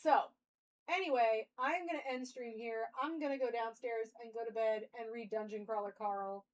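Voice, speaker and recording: A woman's voice: a little high, steady tone, moderate pace, low-quality recording. A young woman streamer musing aloud in casual live-stream chat.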